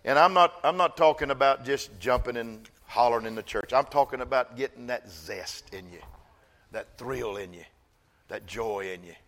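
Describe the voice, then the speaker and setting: Older preacher with a bright, forceful voice. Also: male voice, medium pitch. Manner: swings from loud preaching to soft, slow storytelling. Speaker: pastor. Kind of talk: sermon.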